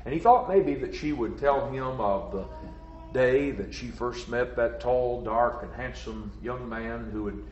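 A man's voice: mid-range voice, unhurried. A man preaching a sermon, telling a story with earnest, rhythmic cadence. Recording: roomy, slightly dull sound.

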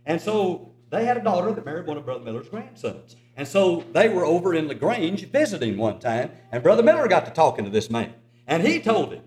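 Older male preacher with a lively delivery. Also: on the high side, fast. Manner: earnest, urging, lively storytelling. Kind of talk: sermon with storytelling. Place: church auditorium. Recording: echoey church hall.

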